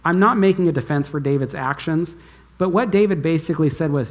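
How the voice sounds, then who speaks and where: A man's voice: on the high side, animated, fast. Man preaching with rhetorical questions. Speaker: pastor. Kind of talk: sermon. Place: church conference hall.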